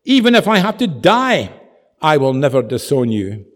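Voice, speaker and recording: A man voicing an impetuous disciple in a sermon, loudly making eager promises. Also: high-pitched, expressive, measured pace, big-room sound, heavily acted. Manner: loud, eager, boastful promises.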